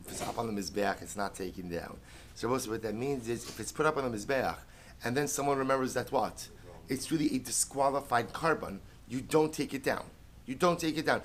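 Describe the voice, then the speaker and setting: A man's voice: mid-range voice, fairly bright tone, a little hiss or hum. A middle-aged man giving a Talmud lecture, methodical and patient. He repeats each key point, poses questions and answers them himself, and mixes Hebrew and Aramaic terms into his English. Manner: explains step by step, repeats key phrases, asks and answers his own questions. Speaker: rabbi teaching Talmud.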